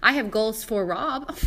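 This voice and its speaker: A woman's voice: fairly low pitch, fairly bright tone. Gushing, encouraging woman co-host. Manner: enthusiastic and encouraging, quick to gush. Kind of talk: casual chat.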